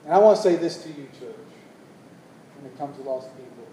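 A man preaching a sermon as pastor, telling a story and building to loud, emphatic calls to the congregation. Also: on the high side, fairly quick, distant mic, a little hiss or hum. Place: church hall. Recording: echoey hall, long reverb.

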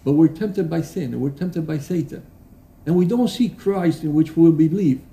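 A man preaching a sermon in a church, earnest and halting, with restarts and fillers, reading quotations aloud with emphasis. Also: fairly high pitch, creaky, warm tone. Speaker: pastor. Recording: roomy echo.

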